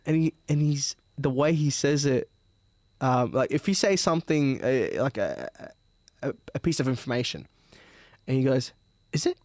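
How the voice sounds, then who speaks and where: A man's voice: medium pitch, lively intonation, normal speed, a little mellow, dry recording, clean studio sound. A man, a podcast guest telling a story in a rambling, profane, casual way. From Melbourne, Australia. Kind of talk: casual chat.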